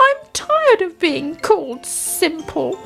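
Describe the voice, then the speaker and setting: A woman voicing a meek, simple-minded young boy in a storybook, speaking in a high, plaintive way. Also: very animated, slow, creaky, bright, forceful tone, faint music behind, heavily acted. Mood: resolved.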